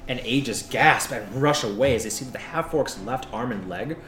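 A man's voice: medium pitch, moderate pace, a bit bright, echoey room, a little hiss or hum. A man narrating as game master in a laid-back way, describing scenes with casual swearing.

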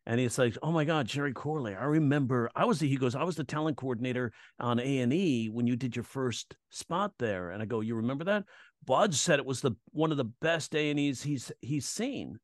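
Male comic as interview guest, animated anecdotes with quoted voices; dry close recording. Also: mid-range voice, fairly quick, no room sound. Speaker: comedian and comedy coach, guest. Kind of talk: casual storytelling chat.

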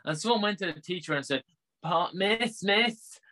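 A young man with an Irish accent, co-hosting a casual podcast and telling excitable stories. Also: high-pitched, normal speed. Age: young adult. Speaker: podcast co-host. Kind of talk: casual chat.

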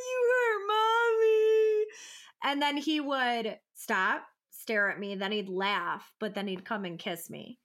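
Bright high-voiced young mother, animated. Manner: animated storytelling, acting out her son's voice. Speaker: podcast co-host. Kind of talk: casual chat.

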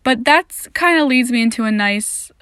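A young woman with a somewhat high voice tells a casual, sweary story about herself. She is candid and self-deprecating. The sound is dry and close, with no room around it. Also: expressive, normal speed, fairly bright tone, smooth, dry recording. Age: young adult. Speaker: podcast host.

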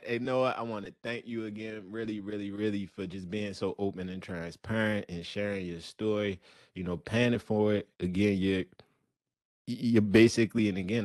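Middle-aged man, relaxed encouraging host, low-pitched voice, dry close sound. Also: no room sound. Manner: laid-back, encouraging, laughs often. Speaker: show host. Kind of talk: casual interview.

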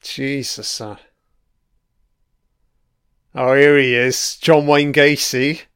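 A man with a smooth, clean voice talks unhurriedly over an episode, tossing crude, mocking jabs at the characters. The recording is dry and close, with no room sound. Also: medium pitch, flat delivery, very slow, a bit bright, no room sound. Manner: profane, mocking, heckles characters on screen. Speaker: film commentator. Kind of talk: watch-along episode commentary.

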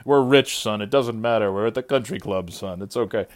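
Condescending wealthy dad figure, hushed and low, put on by a man telling a story. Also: fairly quick, close to an everyday voice. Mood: patronizing. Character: rich country-club dad, soothing and condescending.

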